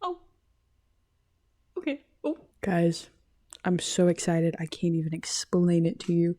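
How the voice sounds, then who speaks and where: Brief: excitable woman podcast host, lively up-and-down voice, laughs through her sentences. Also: fairly low pitch, measured pace, long pauses. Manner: rambling, giggly, excitable. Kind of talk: casual solo podcast chat.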